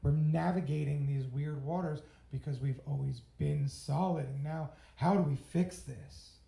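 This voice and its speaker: A man's voice: fairly high pitch, fairly even intonation, measured pace, gravelly, warm tone, roomy sound, low-quality recording. A middle-aged man telling a personal story to an audience, swearing freely and laughing at himself. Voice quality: swears freely, blunt and candid. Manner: self-mocking, laughs at himself. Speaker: storytelling speaker.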